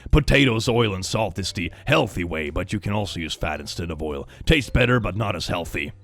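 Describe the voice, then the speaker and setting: A man's voice: low-pitched, expressive, fairly quick, a bit bright. A man hosting casual comedy reaction commentary, sarcastic and laughing often. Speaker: host.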